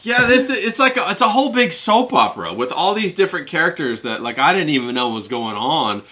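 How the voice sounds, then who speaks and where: Lively, bright-voiced male podcast host. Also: on the high side, a little fast. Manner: animated, swears freely. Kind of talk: casual chat.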